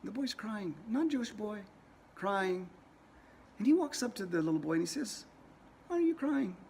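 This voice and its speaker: Slightly high-voiced man telling a story. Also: animated, normal speed, creaky, a little mellow, slight background noise. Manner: conversational, repeats words while telling a story. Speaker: religious teacher. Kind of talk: casual storytelling lesson.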